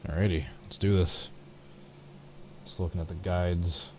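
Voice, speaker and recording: Speaking in a low, dark voice with little pitch movement and a slightly slow pace, this man narrates his live stream as he paints a race truck on his computer. His commentary is casual and self-deprecating, talking himself through every step, over slight background noise.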